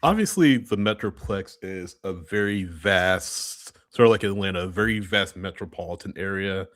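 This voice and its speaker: A man's voice: sits low, normal speed, fairly bright tone, no room sound, studio quality. A man co-hosting a casual sports podcast, chatty and laughing often, correcting himself as he goes. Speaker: podcast co-host. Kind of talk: casual chat.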